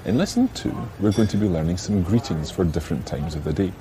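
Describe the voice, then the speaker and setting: A Scottish man teaching a podcast language lesson, patiently modelling each word slowly and carefully. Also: sits low, crowd noise. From Scotland.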